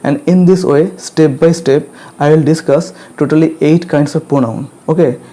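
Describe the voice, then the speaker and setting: Indian English male teacher, slightly high, mellow tone, slow and repetitive lecturing. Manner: slow and repetitive, checks in with "okay" and "clear?". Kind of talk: grammar lecture.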